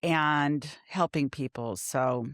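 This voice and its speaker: A woman's voice: low voice, takes it slowly, dry recording. Casting: Midwest-raised woman host, effusive and rambling, dry close-miked sound. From Kansas City area, US Midwest. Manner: warm, effusive, rambling, self-interrupting. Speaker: podcast host. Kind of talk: casual interview conversation.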